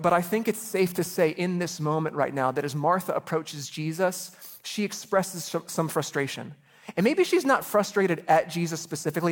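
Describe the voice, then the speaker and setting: A pastor in his thirties delivers a sermon with earnest, personal warmth in his words. His voice sits slightly high for a man. He often repeats a word two or three times before a phrase gets going. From Chicago area.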